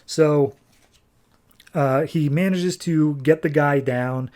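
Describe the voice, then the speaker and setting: A man on a podcast casually recapping a comic book, animated and nitpicky, tossing off quick character lines as he goes. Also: a little high. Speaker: podcast host.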